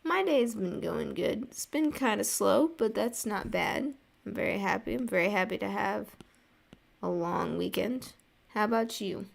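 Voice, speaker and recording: Her voice is medium in pitch, expressive and gravelly, and she talks a little slowly. She is a young American art streamer who chats casually as she draws, reading viewer messages out loud and rambling with lots of "like" and small laughs.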